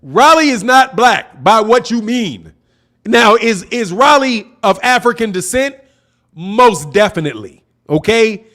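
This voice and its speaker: A man's voice: very high voice, a bit bright. A man hosting a boxing talk stream, reading viewer chats aloud in a loose, chatty way, repeating himself and laughing often. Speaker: boxing channel host. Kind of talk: casual livestream commentary reading viewer chats.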